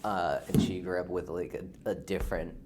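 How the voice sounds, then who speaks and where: A man's voice: low-pitched, fairly even intonation, a little fast, over loud music. A young American man with a General American accent, chatting casually as a podcast guest, rambling with lots of fillers. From United States. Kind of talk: casual chat.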